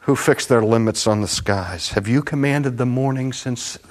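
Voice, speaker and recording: A preacher putting on God, stern and commanding. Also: male voice, mid-range voice, normal speed, natural voice. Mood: demanding. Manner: commanding, rebuking, rhetorical questioning. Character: God, stern all-powerful male voice.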